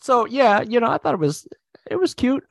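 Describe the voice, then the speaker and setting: A man's voice: very high voice, very animated, normal speed, gravelly, no room sound, clean studio sound. A man co-hosting a podcast, chatting casually about movies he watched. He rambles with lots of restarts and fillers. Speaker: podcast co-host. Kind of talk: casual movie review chat.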